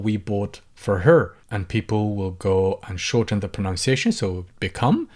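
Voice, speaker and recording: Patient, lower-voiced male language teacher. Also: sing-song, moderate pace, darkish tone. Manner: patient, repeats example phrases several times. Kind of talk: language lesson. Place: lives in the UK.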